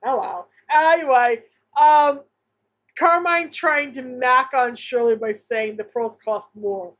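A woman's voice: high voice, slow pace. A woman co-hosting a casual podcast chat about an old sitcom, laughing often and joking. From Massachusetts. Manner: laughs often, animated, jokey. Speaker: podcast co-host.

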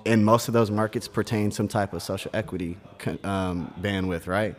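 A man talking as a podcast guest in casual chat, an animated storyteller with plenty of slang. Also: lowish voice, moderate pace.

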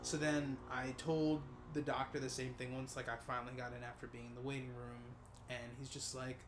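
A man in his twenties casually telling a long personal story, animated, with lots of fillers and acted-out voices. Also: medium pitch, brisk, background noise. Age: 20s. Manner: animated, acts out quoted voices, many fillers.

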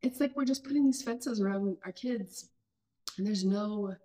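Here the same kind of host, a woman in her mid-thirties, chats casually about parenting in a mellow, mid-range voice at a moderate pace. Her delivery is earnest and exploratory, full of false starts as she works through her thoughts.

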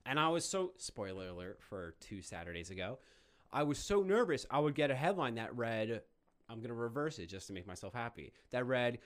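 A man's voice: medium pitch, expressive, a little fast. A man co-hosting a casual chat, telling a story and often filling with "like". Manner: storytelling, agreeable, uses "like" a lot.

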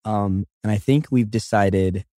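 A man's voice: fairly low pitch, a little slow, warm tone, dry recording. Teasing young man, dry podcast humor. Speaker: podcast co-host. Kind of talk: casual chat.

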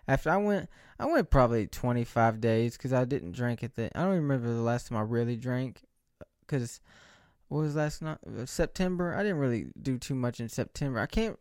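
A man's voice: medium pitch, no echo, studio quality. A man in his late twenties vlogging, rambling and joking about himself with many restarts. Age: 20s. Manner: joking, self-mocking, rambling with frequent restarts. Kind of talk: casual rambling monologue. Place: indoors under bright lights.

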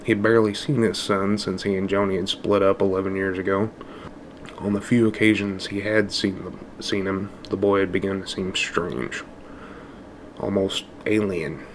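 A man narrating a dark story in a measured, even storytelling manner. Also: sits low, slight background noise.

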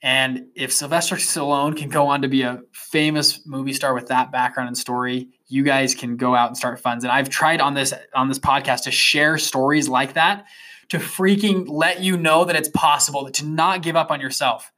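Bright-voiced young man telling a story. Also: medium pitch, normal speed. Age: 20s. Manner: animated, rambling with fillers and restarts. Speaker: podcast host. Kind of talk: casual motivational storytelling monologue.

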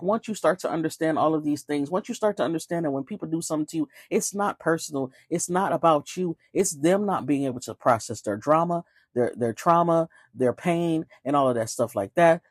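A woman's voice: low-pitched, darkish tone, slightly rough, no echo, clean studio sound. A woman hosting a casual spiritual talk, emphatic and preachy, often firing off rhetorical questions.

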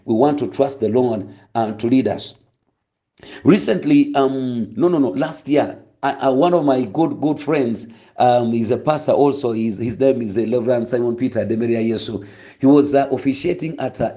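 A male pastor with a mellow, mid-range voice prays and preaches a sermon, fervent and full of stories, with many restarts. The recording is dull and lo-fi.

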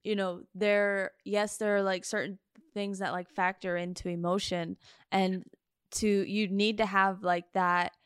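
A woman's voice: medium pitch, little pitch movement, unhurried, clear, resonant tone, dry recording, studio quality. A woman hosting a faith podcast, chatting casually and affirming her guest, with lots of fillers. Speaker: podcast host. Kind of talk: casual chat.

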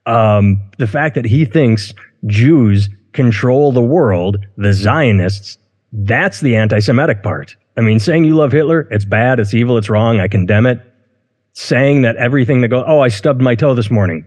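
A man's voice: medium pitch, normal speed, darkish tone. Man, casual podcast chat, rambling, stumbles over words, long reverb on the voice. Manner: rambling, self-interrupting, outspoken. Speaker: podcast co-host.

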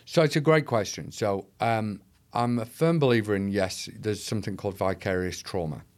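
A man's voice: on the low side, moderate pace, darkish tone. Passionate man, quoting and rallying. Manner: passionate, rhetorical, quoting often. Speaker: guest, leader of an anti-trafficking charity. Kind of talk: conversational interview.

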